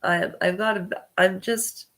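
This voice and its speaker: A woman's voice: medium pitch, fairly even intonation, unhurried, a bit bright. A congested woman talking to camera on her own vlog, meandering and hesitant and often correcting herself mid-sentence. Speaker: channel host. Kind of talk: rambling personal vlog talk.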